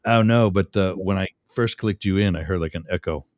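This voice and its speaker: A man's voice: low voice, brisk. A middle-aged man hosting a radio talk show, rambling and chatty, often interrupting himself with fillers.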